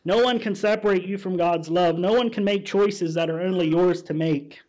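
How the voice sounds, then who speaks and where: A pastor reading a story in his sermon, steady and measured, then preaching to his listeners. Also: high voice. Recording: dull, muffled sound.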